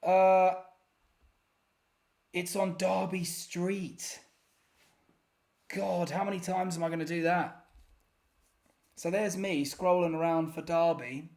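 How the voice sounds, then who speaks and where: A man's voice: sits high, steady tone, takes it slowly, long pauses, a little mellow. A man giving casual, self-deprecating commentary while playing a geography guessing game, often muttering in exasperation. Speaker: gaming YouTuber.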